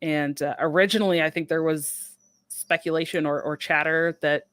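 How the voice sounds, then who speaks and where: A woman's voice: low voice, steady tone, normal speed, a bit bright, dry recording. A woman hosting a podcast, upbeat and gushing in casual chat, often laughing. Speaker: podcast host.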